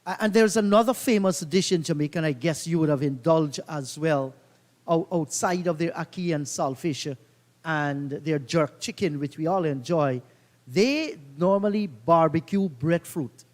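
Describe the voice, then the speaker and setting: A man calls a cricket match in a slightly raised voice, slipping into relaxed, reminiscing anecdotes. His commentary carries a long reverb tail. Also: a little high, normal speed. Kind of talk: live cricket commentary with storytelling.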